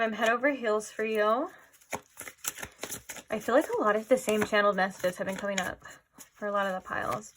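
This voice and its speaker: A woman giving a casual pick-a-card tarot reading, rambling and filling her talk with "like", often dropping into soft, musing asides. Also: medium pitch. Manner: rambling, heavy use of "like". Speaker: tarot reader.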